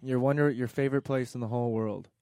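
A man's voice: medium pitch, steady tone, fast, dark tone, no room sound, clean studio sound. A man interviewing his older grandmother in a casual chat, teasing her with jokes. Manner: teasing, joking prompts.

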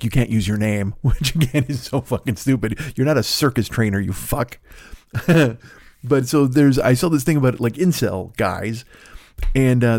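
A man's voice: medium pitch, a little mellow, dry recording, clean studio sound. A middle-aged man hosting a comedy podcast, ranting in a profane, exasperated way. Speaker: comedian host.

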